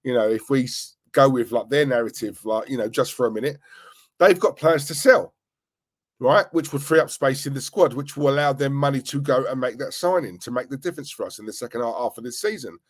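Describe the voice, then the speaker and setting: A man's voice: mid-range voice, brisk. A man hosting a live football stream, talking earnestly and repeating himself, with plenty of fillers. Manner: earnest, repetitive, chatty, uses fillers like "you know". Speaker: football channel host.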